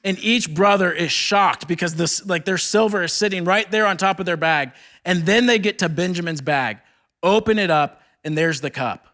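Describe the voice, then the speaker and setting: A man's voice: high voice, moderate pace, bright, forceful tone. A young man giving a retreat sermon, reading scripture aloud and then retelling it in casual, chatty speech full of "like". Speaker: speaker at a campus ministry retreat.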